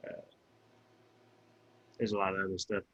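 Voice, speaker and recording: A man co-hosting a podcast in a laid-back, halting way as he wraps up the show. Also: low voice, completely flat delivery, bright, forceful tone. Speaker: podcast co-host. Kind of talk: casual podcast sign-off. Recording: dry, slightly dull lo-fi sound.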